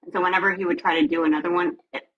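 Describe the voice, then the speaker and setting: A woman chats on a live stream, halting and going back over her words. Her voice is very low and husky, and the sound is dull and lo-fi. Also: steady tone. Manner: halting, restarts her sentences. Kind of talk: casual live-stream chat.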